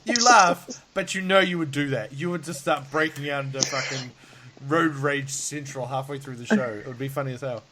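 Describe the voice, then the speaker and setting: A man's voice: medium pitch, steady tone, brisk, crowd noise. A tired man hosting a podcast over a call, rambling, laughing a lot and swearing freely. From Australia. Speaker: podcast host. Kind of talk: casual chat. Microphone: video call.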